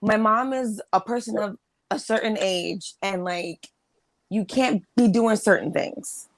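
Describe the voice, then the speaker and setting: A woman's voice: mid-range voice, a little slow, dry recording, low-quality recording. A woman hosting a casual chat stream, telling a family story in a blunt, exasperated way with plenty of swearing. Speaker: host.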